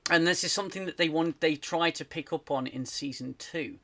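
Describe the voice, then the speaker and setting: A man from the UK hosts a casual live stream chat, his voice bright and a little higher than most. He rants with animated energy, tripping over restarts as he goes. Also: fairly quick. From United Kingdom. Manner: animated, ranting, many restarts. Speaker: host.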